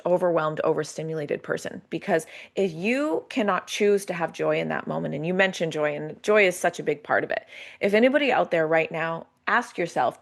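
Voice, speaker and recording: Woman coach, podcast guest; lively, acts out her own thoughts, lowish pitch. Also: creaky. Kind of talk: casual podcast conversation.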